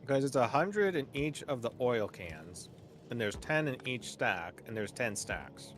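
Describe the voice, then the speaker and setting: A man's voice: mid-range voice, big pitch swings, a little slow, fairly bright tone, slight background noise. A man playing a co-op game as a guest, chatting in a hesitant, focused, slightly unsure way. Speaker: guest co-op player. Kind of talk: casual co-op gameplay chat.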